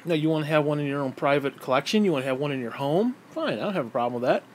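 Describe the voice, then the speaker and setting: Man ranting, heated and profane, higher-pitched voice, faint background hiss. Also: lively intonation, very fast. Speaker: vlogger. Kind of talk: angry political rant.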